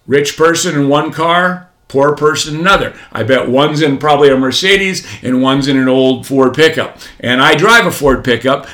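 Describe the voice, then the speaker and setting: A man's voice: medium pitch, fairly bright tone. A man in his forties giving a motivational talk, preachy, repeating key phrases and asking rhetorical questions. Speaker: motivational speaker.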